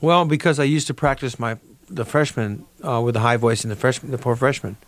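An older man talking as a radio interview guest, halting and restarting, with many fillers. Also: medium pitch.

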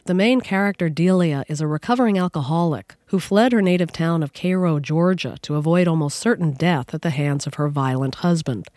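A woman sitting in as a radio interview host, reading a composed introduction and asking measured questions. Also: low-pitched, darkish tone, no echo. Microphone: studio microphone. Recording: dry studio sound.

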